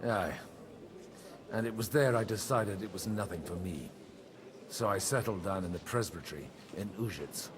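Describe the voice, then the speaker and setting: A man's voice: low voice, normal speed, noisy background, lightly acted. A man voicing a dry, wry former soldier turned priest in a video game. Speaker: game character.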